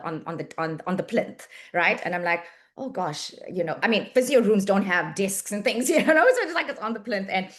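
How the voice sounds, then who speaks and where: South African woman telling an animated story. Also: medium pitch. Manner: lively anecdotal, acts out quoted dialogue, frequent restarts. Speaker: physiotherapist and medico-legal report writer. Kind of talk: interview storytelling.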